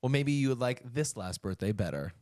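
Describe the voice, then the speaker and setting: A man co-hosting a podcast who keeps up quick, self-mocking jokes. His voice is recorded close and dry, with no room sound. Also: medium pitch, expressive, a little mellow, dry recording. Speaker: podcast co-host. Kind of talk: casual chat.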